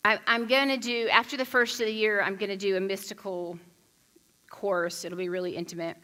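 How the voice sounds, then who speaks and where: A woman from the United States giving a conversational sermon, animated and chatty, telling stories with frequent restarts. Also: mid-range voice, fairly quick. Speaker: pastor.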